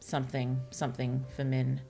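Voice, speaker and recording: A woman streaming as a virtual author, thinking aloud about her novel in a hesitant, musing way, with many fillers and soft laughs. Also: very deep voice, monotone, moderate pace, creaky, soft background music. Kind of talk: casual thinking-aloud livestream while writing.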